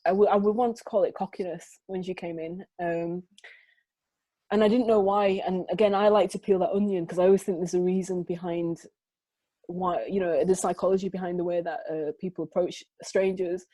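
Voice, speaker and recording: A woman with a lowish, mellow voice talks through her photography in an animated, storytelling way, often restarting her sentences. She is heard over a dry-sounding video call. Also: a little fast, no room sound, poor audio. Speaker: photographer, guest. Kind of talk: conversational interview storytelling. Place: home, remote conversation.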